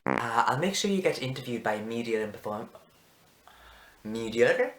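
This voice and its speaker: A man's voice: mid-range voice, very animated, moderate pace, fairly bright tone. A young man imitating a flustered middle-aged Irish woman tutor who stumbles and repeats herself, with a put-on Irish accent. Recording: echoey room, faint music behind.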